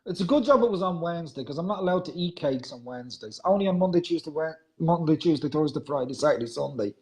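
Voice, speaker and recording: A man's voice: on the high side, lively intonation, fast, darkish tone. A man hosting a casual radio chat, teasing his guest and greeting listeners by name. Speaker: host.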